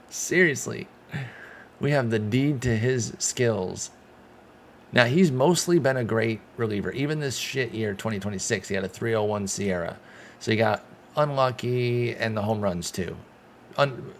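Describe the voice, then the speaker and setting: A man giving casual play-by-play commentary while playing a baseball game, excitable and swearing when things go wrong. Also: fairly low pitch, slight background noise. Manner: excitable, swears when frustrated, talks to himself. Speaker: gaming channel host.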